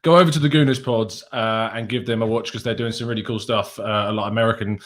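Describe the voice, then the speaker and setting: A man's voice: on the low side, steady tone, fast talker. A man with an English accent hosting a casual football podcast, upbeat and chatty, laughing often. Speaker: podcast host.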